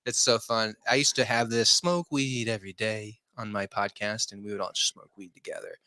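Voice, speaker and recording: A man's voice: on the low side, steady tone, fairly quick, bright, forceful tone, clear, resonant tone. A man guest on a casual podcast, laid-back and loose, filling his talk with "like". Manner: laid-back, lots of "like" fillers. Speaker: guest, filmmaker.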